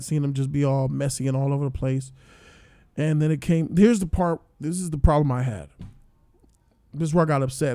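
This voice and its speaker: A man giving a casual spoiler review, excitable and profane, breaking into loud outbursts. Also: on the high side, dry recording, clean studio sound. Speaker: show reviewer.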